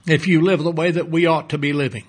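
A man preaching a sermon, emphatic, repeating key phrases and dropping low and soft toward the close. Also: fairly even intonation, fast, slightly rough.

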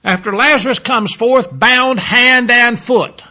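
A man preaching a sermon, emphatic, repeating key phrases and dropping low and soft toward the close. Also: takes it slowly.

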